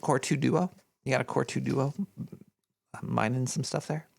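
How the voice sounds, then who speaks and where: A man's voice: medium pitch, fairly even intonation, normal speed, vocal fry. A man voicing a paranoid male cartoon rat who hosts a radio show, rambling in a scatterbrained way with jokey asides as he reads out donations. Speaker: host reading donations. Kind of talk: rambling live-stream chat.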